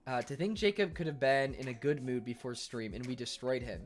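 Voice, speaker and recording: A man streaming live and chatting casually with his viewers, sarcastic and swearing, bursting into loud exasperation. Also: medium pitch, brisk, soft background music. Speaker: Twitch streamer reading chat. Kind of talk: casual livestream chat with viewers.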